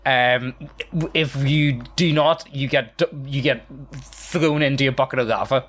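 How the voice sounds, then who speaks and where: A man hosts a casual podcast chat at a medium pitch. He is easygoing and often agrees and chuckles along with his guest. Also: steady tone, measured pace, fairly bright tone. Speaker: podcast host.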